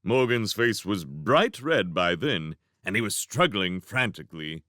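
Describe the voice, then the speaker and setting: A man reading a novel chapter aloud as a fan reading, narrating in an animated way. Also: on the low side, measured pace, no room sound, clean studio sound. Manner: animated, voicing each character. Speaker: reader. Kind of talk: storybook narration.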